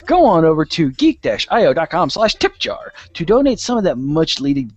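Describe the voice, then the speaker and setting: A man's voice: a little high, big pitch swings, normal speed, dry recording, dull audio. A man co-hosting a podcast, reading show notes in a joking, crude way and laughing often. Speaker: podcast co-host.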